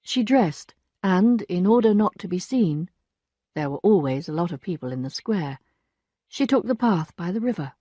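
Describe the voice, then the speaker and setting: A woman reading a classic novel aloud for language learners, clear and measured. Her voice moves expressively up and down, and it is close and dry with no room sound. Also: fairly low pitch, lively intonation, dark tone, no room sound. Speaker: narrator. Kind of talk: scripted storybook narration for learners.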